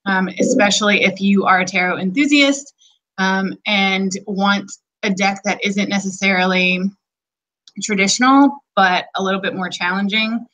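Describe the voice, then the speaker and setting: A woman's voice: medium pitch, moderate pace, fairly bright tone, low-quality recording. A woman co-hosting a casual podcast chat, talking enthusiastically with frequent ums. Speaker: podcast co-host.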